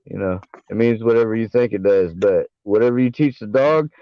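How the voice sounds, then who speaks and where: A man's voice: lowish voice, brisk, no echo. A man chatting as a guest on a livestream panel, rambling and profane, full of fillers and restarts. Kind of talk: casual livestream chat. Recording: dull, dry online audio.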